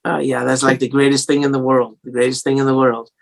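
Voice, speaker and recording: A man's voice: medium pitch, level tone, fast, gravelly. A man with a slightly English-tinged American accent, a singer-songwriter telling stories in a casual interview, rambling with many fillers and restarts.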